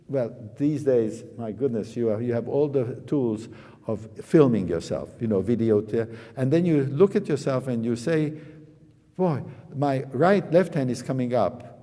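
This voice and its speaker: Man coaching in a reverberant hall. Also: mid-range voice. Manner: sings phrases with pa and da syllables, emphatic. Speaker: piano teacher. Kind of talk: master class coaching. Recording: long reverb of a hall with loud piano. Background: piano playing.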